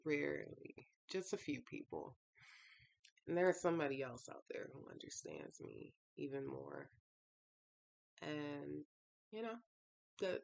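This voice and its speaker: A woman's voice: low voice, vocal fry. A woman vlogger talking casually and emotionally about her feelings, sighing often and rambling with many fillers. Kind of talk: casual confessional talk.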